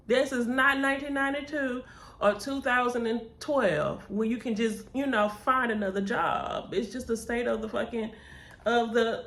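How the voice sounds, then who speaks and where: A young adult woman vlogger, telling her story candidly and expressively. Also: on the high side. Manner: expressive, animated, says "baby" and "child". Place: cousin's house. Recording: echoey room.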